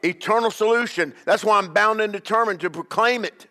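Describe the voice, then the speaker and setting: A man's voice: high-pitched, fairly quick, sharp tone, long reverb tail. A man preaching as a bishop, emphatic, with call-and-response and repeated questions to the congregation. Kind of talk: sermon.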